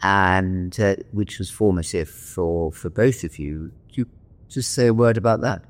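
Male interviewer, very deep, slow and hesitant. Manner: hesitant, with many fillers. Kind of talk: interview questions.

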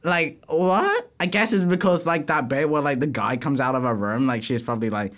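A man's voice: medium pitch, fast talker, a bit bright. A man co-hosting a casual film review chat, hesitant and rambling with many fillers. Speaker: podcast co-host.

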